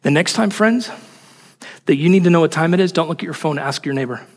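A man preaching a sermon in an animated, emphatic way, asking rhetorical questions. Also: a little high, fast, long reverb tail. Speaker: pastor.

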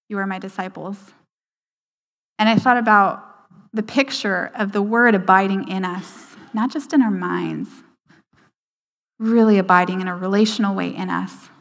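A woman giving a sermon, slowing down for emphasis and dropping to a hushed voice for quoted lines. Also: mid-range voice. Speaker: speaker at a church service. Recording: hall reverb.

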